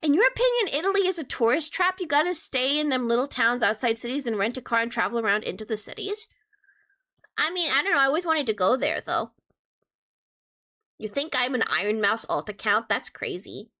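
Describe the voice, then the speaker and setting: Young woman, streamer, casual chat, playful and teasing, very animated pitch. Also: fairly quick. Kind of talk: casual chat answering viewers.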